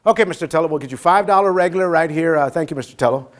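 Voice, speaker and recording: A man's voice: on the high side, very fast, lightly acted. A man voicing a polite but condescending gas station attendant with a breezy, falsely friendly manner.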